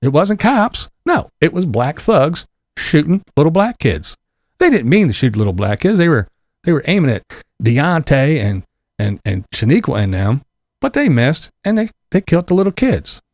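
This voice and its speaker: A man's voice: fairly high pitch, very animated, moderate pace, darkish tone, no room sound. A man giving an angry, profane political rant as a vlogger, sarcastic and full of mocking mimicry.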